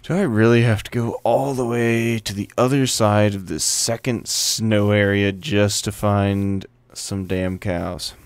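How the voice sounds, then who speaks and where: A man's voice: on the low side, fairly even intonation, a little slow, few pauses, clear, resonant tone, dry recording. A man giving casual let's play commentary and playfully chatting to the animals in the game. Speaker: gameplay commentator.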